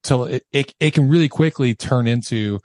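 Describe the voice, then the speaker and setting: A man's voice: medium pitch, normal speed, darkish tone, no echo. Candid man telling a raw story. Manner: raw, emotional, swears casually. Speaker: podcast guest.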